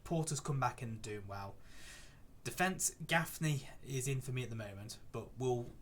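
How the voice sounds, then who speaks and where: A man's voice: mid-range voice, a bit bright, a little hiss or hum. A young man casually commentating on his football management game, chatty and easily exasperated by poor play. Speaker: gaming YouTuber. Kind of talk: gameplay commentary.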